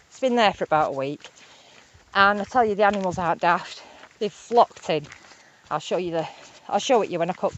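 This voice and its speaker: Vlogger: woman, mid pitch, rambling and excitable, walking outdoors with a handheld camera, faint noise behind. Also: highs cut off. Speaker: nature vlogger. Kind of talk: casual walking vlog. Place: outdoors on a rural hillside.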